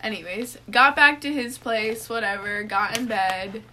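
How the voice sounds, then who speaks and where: A woman's voice: fairly high pitch, measured pace, crowd noise. A young woman co-hosting a casual podcast, telling a crude story with lots of "like" and frequent giggling. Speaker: podcast co-host. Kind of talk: casual chat.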